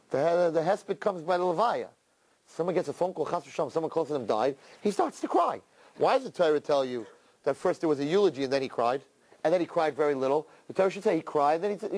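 A man's voice: on the high side, a little mellow. A male rabbi giving a sermon on scripture, telling it as a story with many rhetorical questions.

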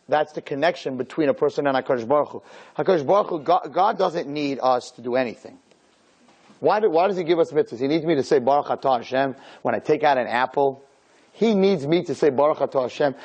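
A man who is a rabbi, giving a lively Torah lecture to a group, acting out little dialogues and firing off rhetorical questions. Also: on the high side.

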